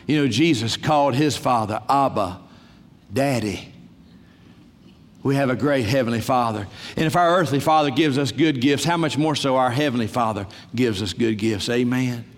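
A man's voice: medium pitch, long reverb tail. An older man preaching a humorous, folksy sermon full of stories and bursts of laughter. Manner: storytelling, folksy, breaks into laughter and loud exclamations.

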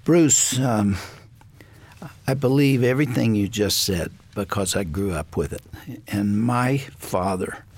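A man's voice: on the low side, unhurried, a little mellow. An older man hosting a Christian talk show, speaking in an earnest, reflective way.

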